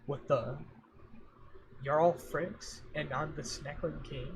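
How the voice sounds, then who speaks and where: A man's voice: on the high side, steady tone, takes it slowly. Rambling jokey young man streaming. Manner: rambling, jokey, talks to himself and chat. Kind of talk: casual rambling livestream chat. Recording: faint fan noise behind a home mic. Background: fan running.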